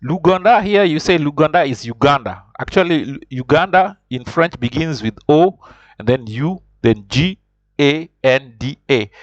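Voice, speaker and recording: A man's voice: on the high side, lively intonation, normal speed. A male French teacher talks learners through examples patiently, often stopping to rephrase. The recording is dull and lo-fi, with a dry, close sound and no room echo. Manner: patient, repetitive explaining, stops to rephrase. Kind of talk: informal online lesson.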